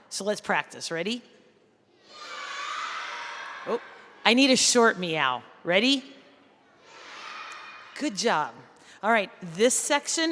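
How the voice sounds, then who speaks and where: Lively woman leading a school crowd. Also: fairly low pitch. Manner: animated, coaxing crowd to make animal sounds. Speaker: teacher leading a school poetry event. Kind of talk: call-and-response poem reading with the audience. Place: school hall or gym, indoors. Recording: echoey hall, faint room ambience.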